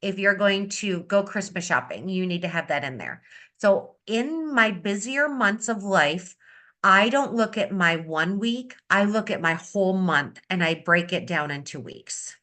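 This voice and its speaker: A woman beauty consultant giving an upbeat, energetic sales-training talk on a video call, repeating her key advice. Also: medium pitch, unhurried. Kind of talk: coaching talk on a video meeting.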